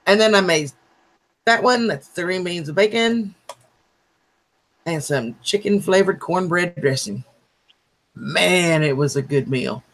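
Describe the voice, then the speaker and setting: Chatty male stream host, voice on the higher side, proud home-cook energy. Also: slow pace, long pauses, a bit bright. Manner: chatty, proud of his cooking. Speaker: livestream host. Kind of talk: casual livestream chat.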